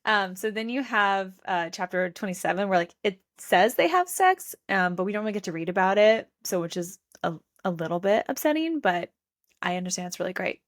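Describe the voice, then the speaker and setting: A woman's voice: medium pitch, animated, brisk. A woman in her thirties co-hosting a book podcast, chatting casually and gushing with laughter. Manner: gushing, laughing, reads lines aloud in playful voices. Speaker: podcast co-host.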